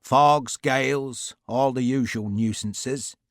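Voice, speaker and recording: A man voicing a cheerful, warm-hearted naval captain with a rich Devonshire accent and an affable, chatty manner. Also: mid-range voice, slow, dry recording, clean studio sound.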